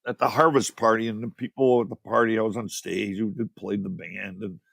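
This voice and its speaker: A man in his sixties from Chicago, a podcast guest telling rambling, animated stories. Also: on the low side, fairly quick, creaky, husky, dry recording. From Chicago, USA. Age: 60s. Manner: animated, rambling, repeats words. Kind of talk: casual storytelling interview. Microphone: podcast mic.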